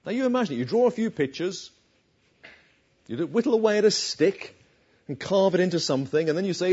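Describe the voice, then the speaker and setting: A man gives a conversational sermon full of questions for his listeners, recorded in dull lo-fi quality. His high-pitched voice is expressive, a little mellow and breathy-edged, and he talks fairly quickly.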